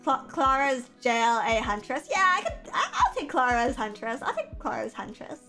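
A young woman with a high, bright-sounding voice chats casually through a livestream, reacting to viewer comments with animated, foul-mouthed, self-deprecating humor. Soft music plays faintly behind her. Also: brisk. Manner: animated, profane, self-mocking.

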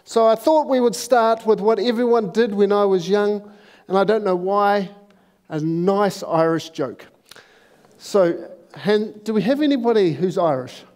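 A man opens a church service, chatting and joking about himself. His voice sits high. He speaks into a clip-on microphone. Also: a little slow, darkish tone, long reverb tail. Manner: chatty, joking, self-deprecating. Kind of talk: casual sermon introduction.

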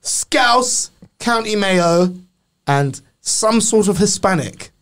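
A man's voice: high voice, takes it slowly. A man co-hosting a comedy podcast, chatting casually and joking, slipping into mock voices. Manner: animated, jokey, slips into mock voices and accents. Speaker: podcast co-host.

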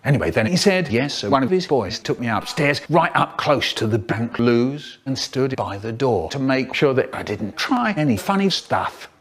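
A man's voice: mid-range voice, moderate pace, hardly any pauses. A man telling a comic tale, acting out the people in it as he goes. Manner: animated, acts out each line. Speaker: storyteller. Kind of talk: comic storytelling with character voices.

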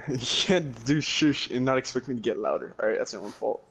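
A man's voice: medium pitch, a little fast, gravelly, a bit bright, husky. A young man chatting while gaming, joking and rambling with lots of laughter. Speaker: gaming friend. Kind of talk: casual gaming chat. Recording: faint background noise.

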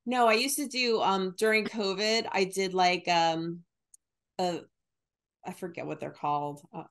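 A woman's voice: on the low side, fairly even intonation, measured pace, a bit bright. A woman from New Jersey and New York, co-hosting a podcast in casual chat, laughing often and imitating phrases. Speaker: podcast co-host.

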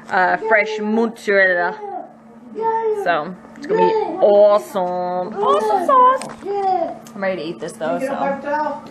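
A woman in her thirties with a Southern US accent, chatting playfully and giggling while filming a casual vlog in her home kitchen. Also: mid-range voice. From Mississippi. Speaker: vlogger, mother.

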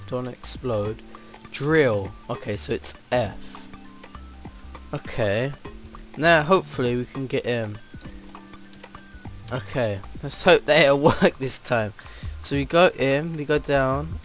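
A man's voice: mid-range voice, slow pace, long pauses, soft background music. A man giving casual let's play commentary at his computer, rambling and flustered, with lots of ums. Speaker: gamer.

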